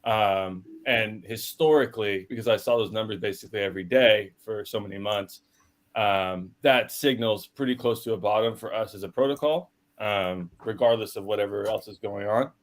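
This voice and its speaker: A man's voice: on the low side, normal speed. Laid-back man on a call. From United States. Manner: laid-back, hesitant, with fillers. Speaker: team member. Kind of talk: casual chat.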